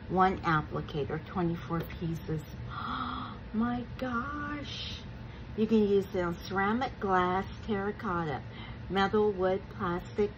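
A woman, vlogging an unboxing with gushing, breathless excitement and frequent gasps. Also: mid-range voice, noisy background. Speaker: crafting vlogger. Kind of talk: unboxing vlog chat.

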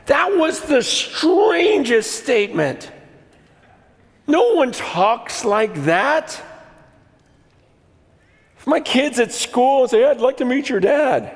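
A man in his fifties preaching a sermon, telling stories with animated restarts and quoted asides. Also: extremely high pitch, takes it slowly, big-room sound. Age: 50s. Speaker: pastor.

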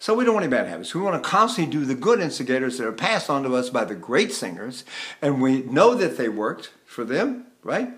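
A man's voice: mid-range voice, very animated, brisk, fairly bright tone. An older male voice teacher explaining technique in a chatty, folksy way, breaking off to hum and sing short syllables as demonstrations. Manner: demonstrates hums and sung syllables mid-explanation. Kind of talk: vocal lesson with demonstrations.

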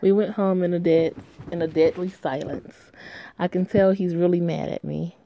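A woman reading aloud as a troubled young woman who blames herself, in a flat, low-key way. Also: moderate pace, muffled recording, slight background noise, close to an everyday voice. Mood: despairing. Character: troubled young woman, despairing and self-blaming. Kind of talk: reading a story game aloud.

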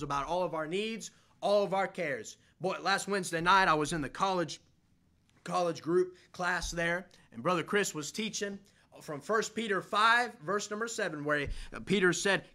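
Fervent high-voiced young preacher. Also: male voice, pushed and bright. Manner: fervent, repetitive preaching cadence with rising emphasis. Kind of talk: sermon.

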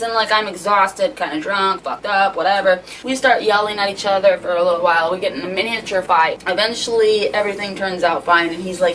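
A woman telling a rambling, profane storytime to her camera in a casual, animated way. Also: medium pitch, brisk, hardly any pauses, recorded from a distance, a little hiss or hum, low-quality recording. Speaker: vlogger.

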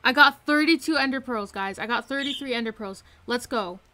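Gaming streamer, woman, excitable and repetitive, fairly high voice, live commentary from her room. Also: a little fast. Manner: excitable, repeats herself, hyped exclamations.

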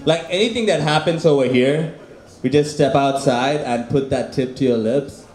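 A man's voice: medium pitch, moderate pace, darkish tone. A man performing a stand-up set at an open mic, repeating each punchline with crude humor. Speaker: stand-up comic. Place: small open mic venue. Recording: echoey room.

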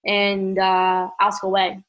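Leading an online group call, a woman gives an energetic and sometimes tearful motivational pep talk, often calling everyone "guys." She speaks slowly at a medium pitch.

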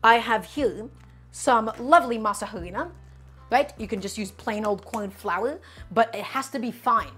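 Brooklyn woman cooking live in her kitchen, kinda high voice, keeps calling chat "guys", soft music behind. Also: normal speed, breathy edge. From Brooklyn, New York. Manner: chatty, talks to chat as "guys" while cooking. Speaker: cooking streamer. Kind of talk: live cooking stream, chatting with viewers. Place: home kitchen.

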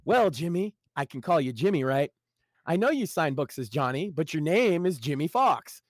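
A man's voice: a little high, sing-song, moderate pace, no echo, clean studio sound. Man doing a smug mocking online commentator.

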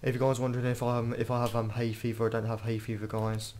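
A man's voice: mid-range voice, monotone, quick pace, background noise. A man doing gameplay commentary, jumpy and exclaiming, muttering mild swears. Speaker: gamer.

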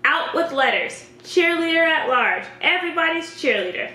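A woman's voice: extremely high pitch, lively intonation, normal speed, sharp tone, echoey room, pitched above the performer's own voice, heavily acted, poor audio. A woman reading the lines of a cheerful, dreamy teenage girl in a light, breezy way.

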